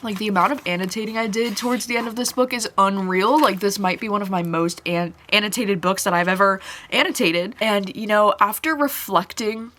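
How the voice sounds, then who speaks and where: A young woman chats loosely to camera about her reading, with constant "like" and "you know" fillers. Her voice sits at an ordinary middle pitch, and she sounds casual and unscripted. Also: a little fast, hardly any pauses, sharp tone. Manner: rambling, full of "like" and "you know"; emotional and teary in late-night clips. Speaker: book vlogger. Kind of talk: casual reading vlog chat.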